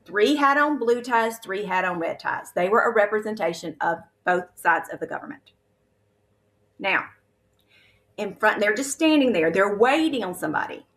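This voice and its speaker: A woman's voice: medium pitch, lively intonation, moderate pace, fairly bright tone. A woman, earnestly sharing a vivid spiritual testimony as a guest. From Alabama, USA.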